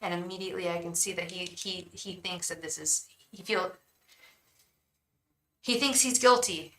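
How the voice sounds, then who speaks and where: On a low-quality recording with a bit of hiss or hum, a woman speaks at normal speed in a fairly low, pushed and bright voice. She's a tarot reader doing a laid-back live stream, rambling and chatting with viewers by name and calling them "hun" or "girl." While shuffling the cards she murmurs the same invocation over and over.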